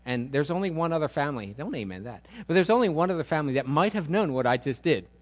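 A middle-aged man preaching a sermon as a pastor, telling a story with big loud peaks and quiet, intimate low passages. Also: lively intonation, fast.

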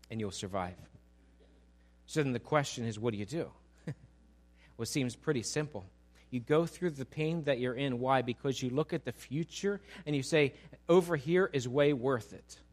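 A man's voice: medium pitch, darkish tone. A man preaching a sermon, asking the congregation questions and building to emphatic peaks. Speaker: pastor.

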